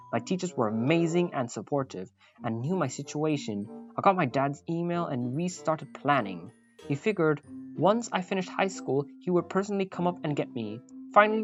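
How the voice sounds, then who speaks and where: A woman reading a reddit story aloud, with wry, apologetic asides. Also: sits low. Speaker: story narrator. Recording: slightly muffled, faint background music.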